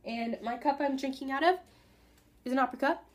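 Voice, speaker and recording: A teenage girl chatting casually in a vlog, rambling and excitable, with lots of fillers and asides. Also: high-pitched, brisk. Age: teens. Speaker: vlogger.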